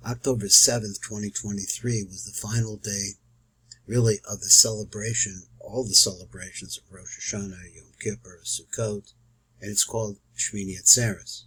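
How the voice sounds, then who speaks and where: A man's voice: on the low side, fairly bright tone, breathy edge, poor audio. A man teaching a recorded Torah study lesson, explaining Hebrew and Aramaic quotations as he goes.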